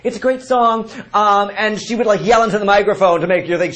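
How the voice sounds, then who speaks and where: A man's voice: sits high, steady tone, fairly quick, a bit bright. A young man recapping a TV talent show in a campy, gossipy, joking vlog. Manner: campy, gossipy, bursts into sung snippets. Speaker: vlogger. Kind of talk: casual comedic TV recap.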